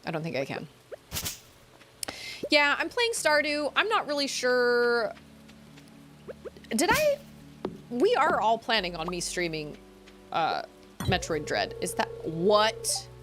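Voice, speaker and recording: A woman streamer talks her way through a game in a chatty, giggly way, her voice rising and falling in a lively sing-song. She wanders between comments as she plays. Faint game music runs quietly underneath. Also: fairly high pitch, slow, pauses often. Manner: chatty, giggly, thinks out loud. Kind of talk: casual gameplay streaming chat.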